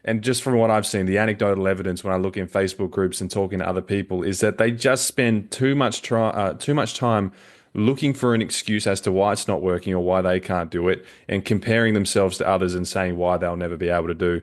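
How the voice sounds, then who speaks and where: Deep-voiced, fast-talking podcast host. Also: male voice, steady tone. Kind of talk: interview questions.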